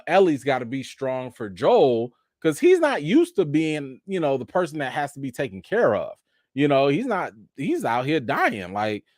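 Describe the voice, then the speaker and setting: Animated man chatting casually. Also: medium pitch, no room sound, studio quality. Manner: animated, joking, loose slangy talk. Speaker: TV show reaction host. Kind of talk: casual live-stream chat.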